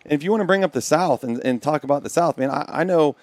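A man's voice: fairly high pitch, fast, a little mellow, dry recording. Earnest man telling stories on a podcast. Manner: earnest storyteller acting out quoted dialogue. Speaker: podcast co-host. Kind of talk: casual chat.

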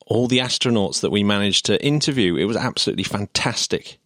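A man with a lowish voice co-hosts a casual podcast, chatty and eager, laughing as he explains things. The sound is dry and close, with little room echo. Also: quick pace, fairly bright tone. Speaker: podcast co-host.

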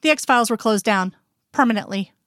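A woman reading the lines of a reserved male FBI agent in a fan fiction story, in an even, plain delivery. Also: a little high, fairly quick, no echo, clean studio sound. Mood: guarded.

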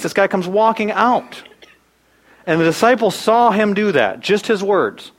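A man in his thirties preaching a sermon, animated, swinging from loud bursts to hushed asides. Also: high voice, measured pace, rough recording. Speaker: pastor.

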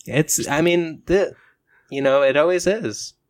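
A man improvising a comedy bit with friends, quickly breaking into high-pitched acted voices.

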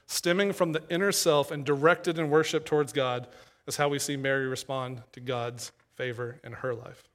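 Man, preacher from East Tennessee, somewhat high voice, conversational sermon, earnest and emphatic. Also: fairly bright tone. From East Tennessee, USA.

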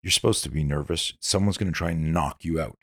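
A middle-aged man with a very low, rough, husky voice talks as a guest on an interview show. He tells stories with energy and acts out both sides of the conversations in them. The sound is close and dry, with no room echo. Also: fast talker. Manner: animated storyteller acting out dialogue. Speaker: podcast guest, self-defense instructor. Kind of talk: casual interview talk.

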